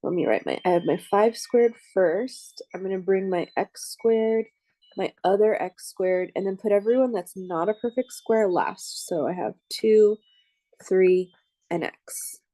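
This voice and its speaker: A woman's voice: mid-range voice, measured pace, mellow, no room sound. A woman professor explaining algebra steps aloud as she writes them out, stopping now and then to check in with her students. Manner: thinks aloud while writing, checks in with listeners. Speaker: math professor. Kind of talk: lecture working problems on a board.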